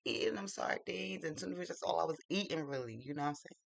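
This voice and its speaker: A man's voice: fairly high pitch, fast talker, creaky, no echo. A man vlogging at home while doing his makeup, telling a dating story in a gossipy, confiding way. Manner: gossipy and confiding, drawls "child" often. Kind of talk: casual storytelling chat.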